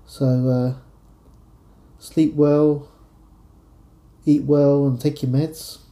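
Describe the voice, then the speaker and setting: A man with a London accent hosting a podcast, chatting in a relaxed, rambling way between readings. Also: on the high side, extremely slow. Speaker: podcast host. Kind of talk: casual podcast chat and poem reading. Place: studio.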